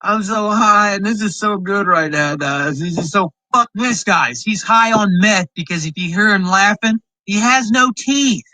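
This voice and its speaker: A man with a high, bright, cutting voice tears into a rival as he reacts to a video. His talk is boastful and profane, and the sound is dry and close with almost no room around it. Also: unhurried, hardly any pauses, dry recording, rough recording. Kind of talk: heated reaction commentary.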